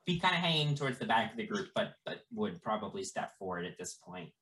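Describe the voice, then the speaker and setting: A game master running a tabletop game, talking haltingly with many stammered fillers. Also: mid-range voice, very animated, a bit bright.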